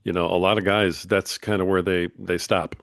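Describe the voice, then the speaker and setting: A man's voice: low voice, flat delivery, normal speed, gravelly, fairly bright tone, no echo, studio quality. A man hosting a podcast, talking casually and encouraging his guest, calling him "brother.". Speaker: podcast host. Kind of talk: casual interview chat.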